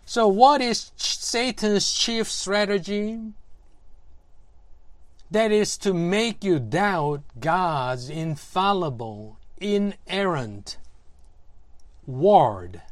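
A preacher delivering a sermon in a deliberate manner, posing rhetorical questions to the listeners. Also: medium pitch, lively intonation, no echo.

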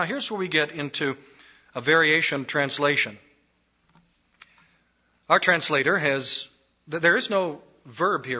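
A man's voice: on the high side, bright, forceful tone, husky, highs cut off. A man preaching an expository sermon, repeating phrases for emphasis.

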